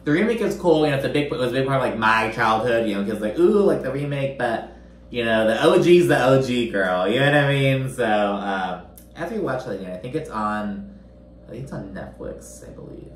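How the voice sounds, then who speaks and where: A man's voice: mid-range voice, animated, fairly quick, echoey room, slight background noise. A man giving a casual, gossipy recap of a reality show, swearing freely and using lots of fillers. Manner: chatty, profane, gossipy with frequent fillers.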